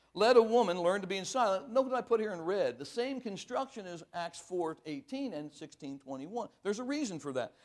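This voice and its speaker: High-voiced man preaching emphatically. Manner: emphatic, dropping to quiet asides. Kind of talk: sermon.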